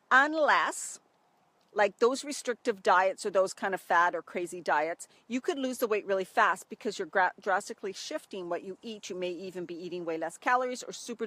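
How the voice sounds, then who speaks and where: A woman's voice: mid-range voice, a bit bright, no room sound. A middle-aged woman, a health coach, talking casually outdoors by a stream and acting out worried inner voices. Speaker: health coach for women over 40. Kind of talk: casual live video talk.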